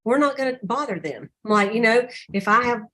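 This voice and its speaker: An older woman leading a sales team call, telling stories animatedly and acting out customers' lines in a higher voice. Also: moderate pace. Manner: animated storyteller, acts out customer dialogue in a higher voice.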